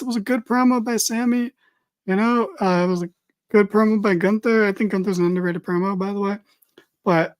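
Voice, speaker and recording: A woman giving a casual, opinionated wrestling recap, blunt and swearing freely as she reads viewer comments. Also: on the low side. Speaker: wrestling show reviewer.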